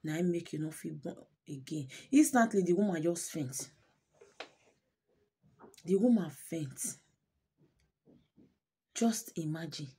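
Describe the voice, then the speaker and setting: A woman with a Nigerian accent tells a story to her channel viewers. Her voice is low and mellow, with a husky grain, and she talks with feeling, repeating words to drive a point home. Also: lively intonation, unhurried, pauses often. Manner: emotive, repeats words for emphasis, mixes Pidgin and English. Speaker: channel host. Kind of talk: casual storytelling vlog.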